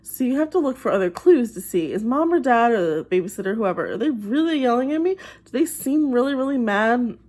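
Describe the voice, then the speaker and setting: A woman's voice: a little high, sing-song. A woman who works as a behavioral therapist, talking to the camera and patiently explaining advice to children. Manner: gentle and patient, acts out parents' voices in quick asides.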